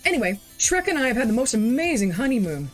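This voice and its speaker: A woman reading out a cheerful newlywed princess's letter in a brisk, wry voice. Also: fairly high pitch, very animated, faint music behind.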